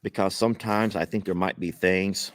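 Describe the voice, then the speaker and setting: A man's voice: low-pitched, fairly even intonation, normal speed, no echo. A man hosting a casual vlog, chatting folksily and directly to his viewers as he opens gifts. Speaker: vlog host. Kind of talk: casual vlog chat while opening gifts.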